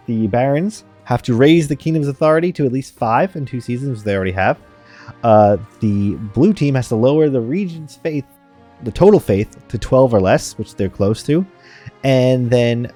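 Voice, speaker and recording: A man's voice: medium pitch, dark tone. A man streaming a strategy game live, chatting rambly with viewers and laughing often.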